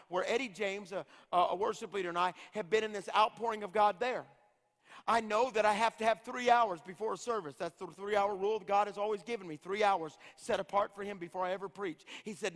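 A man's voice: high voice, fairly bright tone. A middle-aged man, an evangelist, preaching a revival sermon with impassioned, rhythmic repetition. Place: large church hall. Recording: long hall reverb.

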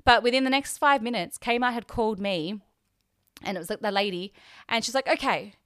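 A young Australian woman runs her podcast from a hotel room, relating a personal story with chatty emotion and lively impressions of herself and the people in it. Her voice is on the high side and a little fast, recorded dry with clean studio sound.

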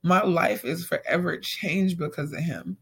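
A young woman recounts a personal story in a loose, casual monologue. Her voice is husky and breathy, with a gravelly fry running through it. She brings the conversations to life, acting out each line of the dialogue and leaning on "like" as she talks. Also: on the low side, unhurried. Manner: animated retelling, acts out quoted dialogue, frequent "like".

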